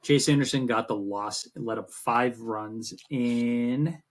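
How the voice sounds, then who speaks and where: A man co-hosting a sports podcast, telling rambling, animated stories in casual chat. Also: medium pitch, slow pace. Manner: rambling, animated storytelling with swearing. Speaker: podcast co-host.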